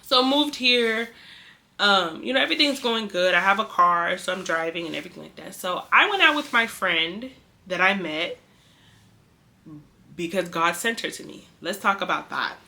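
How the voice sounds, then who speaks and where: A young woman from the Bay Area casually telling a personal testimony, chatty and animated, acting out what people said. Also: medium pitch, normal speed, gravelly. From San Francisco Bay Area. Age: young adult. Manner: chatty, animated, acts out quoted speech. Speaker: vlogger sharing a testimony.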